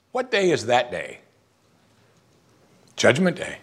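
A man's voice: slow pace, pauses often, slightly rough. A man preaching a sermon, asking rhetorical questions and reading scripture aloud. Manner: animated, rhetorical questions, rises in pitch for emphasis.

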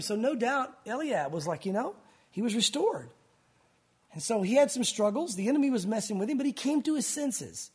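A man preaching a sermon in an animated way, acting out scenes and speaking directly to his congregation. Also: sits high, breathy edge. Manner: animated, acts out bible scenes with sound effects. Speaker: pastor.

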